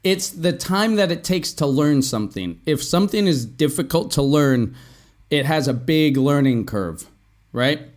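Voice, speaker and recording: Slow, deliberate male English teacher. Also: on the high side, animated. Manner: slow, deliberate, repeats phrases for learners. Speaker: English teacher and podcast host. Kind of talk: explaining vocabulary and expressions.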